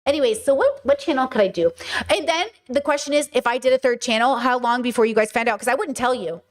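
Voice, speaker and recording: A woman streaming live, talking casually to her viewers in an animated, sarcastic way. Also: high-pitched, fast. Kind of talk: casual livestream chat.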